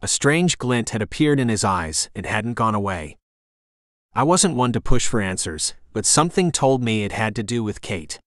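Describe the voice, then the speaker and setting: A man reading a first-person fantasy audiobook in a steady, gritty storytelling manner. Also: fairly low pitch, moderate pace, dry recording, clean studio sound. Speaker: audiobook narrator.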